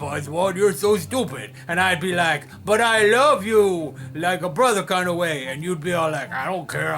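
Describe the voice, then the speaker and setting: A man's voice: high-pitched, bright, forceful tone. A man playing Oswald, a silly childlike man who rambles cheerfully and obliviously.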